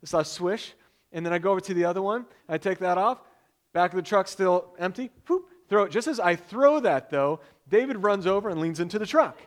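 High-voiced man telling a sermon story. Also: fairly quick. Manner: animated storyteller, loud bursts when excited. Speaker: pastor.

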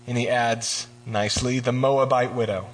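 A man giving a casual, joking sermon, retelling scripture and acting out the characters in quick voices. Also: medium pitch, fairly even intonation. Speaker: preacher.

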